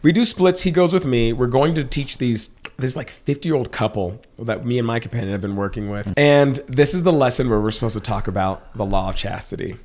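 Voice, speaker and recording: A man's voice: medium pitch, a little fast, few pauses, darkish tone. A man in his thirties co-hosting a podcast, telling a story casually, laughing often and acting out quotes. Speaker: podcast co-host.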